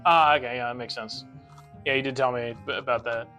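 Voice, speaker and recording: A man's voice: medium pitch, fairly even intonation, fairly quick, pushed and bright. A young man rambling and ranting with frequent swearing while chatting on a casual gaming stream, with game music behind him.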